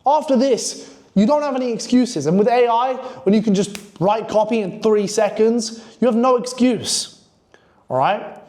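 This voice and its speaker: A man's voice: sits high, darkish tone. A man coaching on copywriting in a blunt, profane, hyped-up casual monologue.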